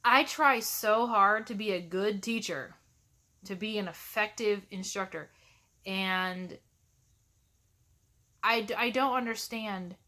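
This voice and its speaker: Exasperated woman teacher venting on camera, sharp bright tone, sarcastic edge. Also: medium pitch, slow pace, long pauses. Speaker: college instructor. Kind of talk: ranting vlog to camera.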